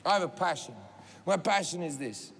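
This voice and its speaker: Stand-up comic in his 40s, gravelly and slightly high voice, profane storyteller, live hall with crowd noise. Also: animated, normal speed. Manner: profane, storytelling, punchy delivery. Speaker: stand-up comedian. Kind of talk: stand-up comedy. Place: stage in a large venue. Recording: reverberant hall with audience noise.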